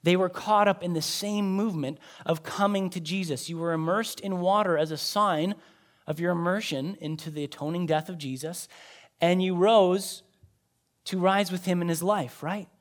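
Man, high voice, pastor's sermon, conversational, swings from emphatic to hushed. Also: moderate pace. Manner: conversational preaching, emphatic rises and quiet drops.

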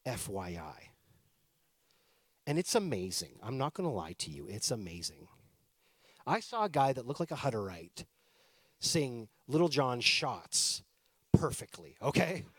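A man's voice: mid-range voice, big pitch swings, a little slow, pauses often, fairly bright tone, slightly rough, dry recording, studio quality. A man in his thirties preaching a sermon, telling personal stories in a conversational, playful way with joking asides. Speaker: pastor.

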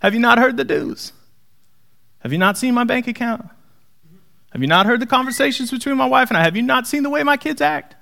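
An overwhelmed, exasperated disciple, put on by a man preaching, in a strained, very high voice. He rattles off one incredulous question after another in a storytelling sermon. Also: creaky, pushed and bright, full character voice. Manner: incredulous, rapid-fire questions.

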